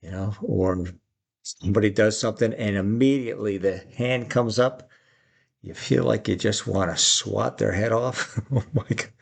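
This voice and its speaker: A man's voice: fairly low pitch, normal speed, vocal fry, breathy edge. A middle-aged man giving life advice in a reflective, storytelling way, laughing often and acting out quotes. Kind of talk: reflective personal talk.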